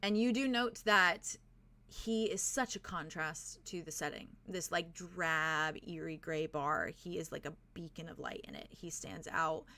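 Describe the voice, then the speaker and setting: A woman's voice: low-pitched, a little slow, sharp tone. A young adult woman narrating a tabletop game as game master, describing scenes with frequent fillers.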